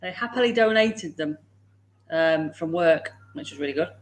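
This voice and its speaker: Chatty woman with a lowish voice. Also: lively intonation, moderate pace, heavy background noise. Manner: chatty, laughs often, talks to dogs and viewers. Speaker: livestream host. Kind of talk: casual morning chat. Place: home.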